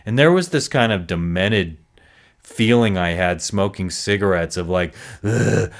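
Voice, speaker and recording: A man's voice: low-pitched, moderate pace. A man hosting a solo recovery podcast, talking earnestly and reflectively with frequent restarts.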